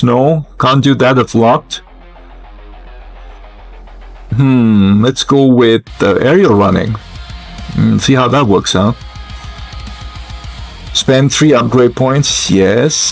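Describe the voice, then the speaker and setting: A man's voice: mid-range voice, vocal fry. Musing male gamer with lots of fillers. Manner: hesitant, musing, many fillers. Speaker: gamer commentator. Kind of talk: casual gameplay commentary.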